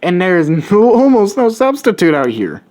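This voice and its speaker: A man's voice: high voice, big pitch swings, moderate pace, a little mellow, voice pushed up. A man doing a whiny teenage girl. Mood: dramatic. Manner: whiny, dramatic.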